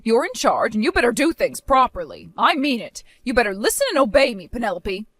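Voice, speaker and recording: A woman's voice: on the high side, very animated, a little fast, a bit bright, no room sound. A woman voicing a harsh, domineering older mother-in-law who talks in a scornful, insulting way. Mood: bossy.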